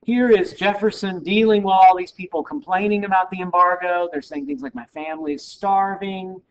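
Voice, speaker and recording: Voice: medium pitch, steady tone, fairly quick, clean tone. A history lecturer giving a recorded class lecture in a casual, wry, joking way, in a dull lo-fi recording.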